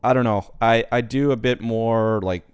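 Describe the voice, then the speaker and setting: A man's voice: mid-range voice, fairly even intonation, moderate pace, clear, resonant tone, dry recording, studio quality. A man in his twenties, a podcast guest, telling rambling stories in casual chat with lots of fillers. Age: 20s. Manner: rambling storytelling, many fillers.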